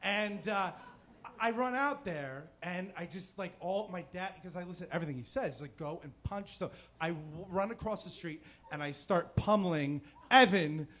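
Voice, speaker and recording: A man in his thirties from New Jersey tells a personal story on stage in a fairly high voice. He talks casually and rambles, with plenty of fillers and restarts. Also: lively intonation, normal speed, fairly bright tone. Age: 30s. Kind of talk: live storytelling. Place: stage before a live audience.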